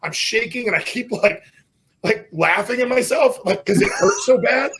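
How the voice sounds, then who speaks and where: Gravelly, bright-voiced profane storyteller man. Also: very high-pitched, moderate pace, a little hiss or hum. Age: middle-aged. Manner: profane, animated storytelling with loud self-mocking outbursts. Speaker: strongman guest. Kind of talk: casual podcast chat.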